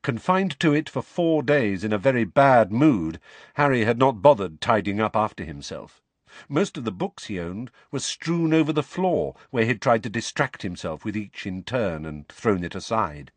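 Expressive, husky male audiobook narrator. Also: on the low side, normal speed, dry recording. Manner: expressive storytelling. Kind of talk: scripted narration.

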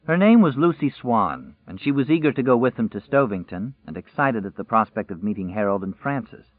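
A man narrating a novel in a measured, even storytelling voice. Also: mid-range voice, no room sound. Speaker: audiobook narrator. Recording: dry, tinny phone-like sound.

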